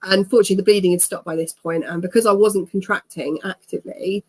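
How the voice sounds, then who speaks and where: Husky woman telling her story. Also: medium pitch, fairly even intonation, fast. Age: 30s. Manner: chatty, laughs often, acts out what people said. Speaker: interview guest. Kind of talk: personal storytelling in an interview.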